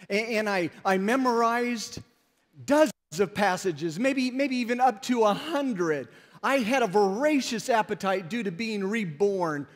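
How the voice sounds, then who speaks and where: A man with a high voice preaches slowly and deliberately, telling stories with emphasis. His words ring out with a long reverb across a large church hall. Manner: storytelling, emphatic. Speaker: pastor. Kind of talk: sermon.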